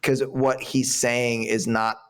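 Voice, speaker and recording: A man's voice: mid-range voice, little pitch movement, slow pace, smooth. A man co-hosting a movie podcast, rambling casually with lots of fillers and some swearing. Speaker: podcast co-host. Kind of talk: casual movie review chat.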